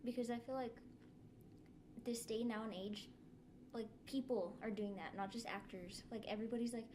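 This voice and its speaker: A woman's voice: fairly high pitch, fairly even intonation, moderate pace, warm tone, a little hiss or hum. A young woman chatting casually on a podcast, hesitant and full of fillers. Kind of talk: casual chat.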